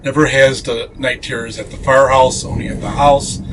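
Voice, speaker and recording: A man's voice: mid-range voice, steady tone, normal speed, background noise. A man being interviewed as a paranormal investigator, telling a ghost story earnestly, with many fillers and restarts.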